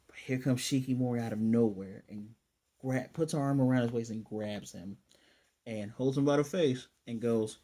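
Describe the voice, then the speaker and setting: A man's voice: medium pitch, moderate pace, warm tone. A man casually recapping anime episodes, rambling loosely and checking his notes aloud. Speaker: anime reviewer.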